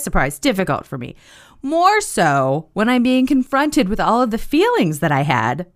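A woman hosting a casual monologue, telling a story in an animated, profane way and laughing as she goes. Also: lowish voice.

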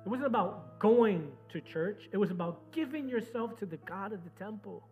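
A man preaching a sermon to his congregation, swinging from loud, urgent exhortation down to soft, low storytelling. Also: lively intonation, moderate pace, soft background music. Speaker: pastor.

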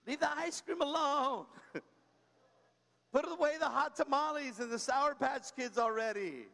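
A man delivering a sermon in a high, light voice, talking to the congregation like a friend and telling stories with humor. He keeps prompting the room with quick asides. His voice trails off into a long reverb from a large church space. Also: vocal fry, sharp tone. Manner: conversational preaching, frequent "come on" and "right?"; tells personal stories with humor. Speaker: pastor.

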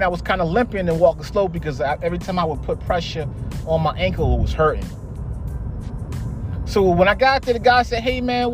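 Young man, high voice, podcast host, casual storytelling, profane, exasperated. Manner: heavy swearing, blunt and exasperated.

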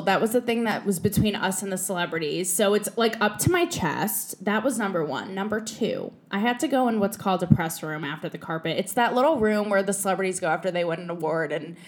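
A young woman co-hosting a casual podcast chat, an animated, giggly talker who swears freely. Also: mid-range voice. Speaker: co-host, red carpet reporter.

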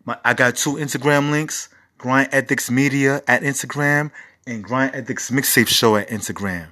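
A man's voice: medium pitch, normal speed, bright, forceful tone. A man in his forties hosting a casual music review show, rambling and profane with enthusiastic asides. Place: home recording setup.

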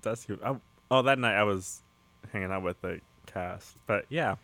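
A podcast host who laughs often and runs a rapid-fire question game. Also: low voice, a bit bright, no room sound. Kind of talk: casual podcast hosting.

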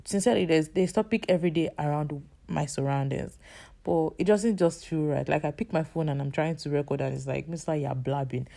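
A woman's voice: sits low, fairly quick, vocal fry, mellow. A woman hosting a casual faith-based podcast, chatty and self-teasing, her voice a bit off today. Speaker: podcast host.

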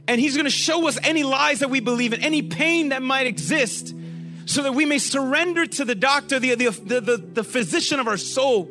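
A man preaching a sermon to a group, animated and often asking them questions. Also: extremely high pitch, brisk, soft background music.

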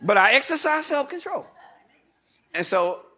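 An unhurried male pastor with an extremely high-pitched voice preaches animatedly, swinging between loud shouts and murmured asides. He leads the congregation in call-and-response and tells stories while laughing.

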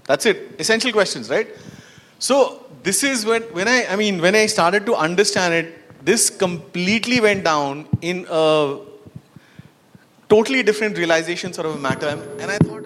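High-pitched and fairly bright, a conference speaker tells stories at a moderate pace over slight background noise. He questions the audience and keeps saying "you know" and "right," all under long hall reverb.

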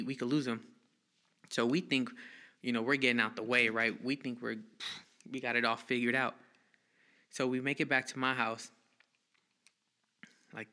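Bright-voiced man telling a story. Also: medium pitch. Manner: animated, swearing, acts out quotes in a raised voice. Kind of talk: casual storytelling.

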